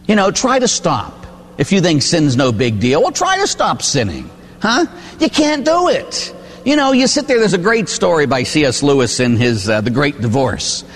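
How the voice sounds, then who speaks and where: Animated male priest preaching in a reverberant hall. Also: a little high, moderate pace. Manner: animated storytelling, acts out characters. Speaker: Catholic priest. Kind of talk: sermon.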